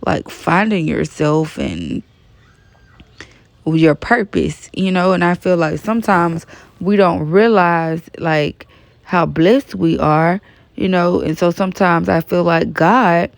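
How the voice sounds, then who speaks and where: A woman's voice: sits low, vocal fry, no room sound. A woman in her thirties chatting frankly in a casual storytime vlog, full of "like" and "you know". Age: 30s. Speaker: vlogger.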